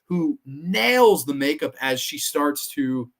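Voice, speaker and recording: A man from New York with a New York accent, hosting a casual horror review show, animated and swearing freely. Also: on the high side, slow pace. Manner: animated, swearing, acts out quoted lines. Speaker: podcast host.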